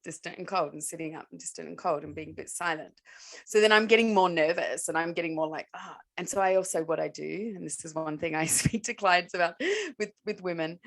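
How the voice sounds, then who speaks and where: A woman, a podcast co-host and coach, telling a personal story in casual chat, animated and laughing often. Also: on the low side, brisk, vocal fry.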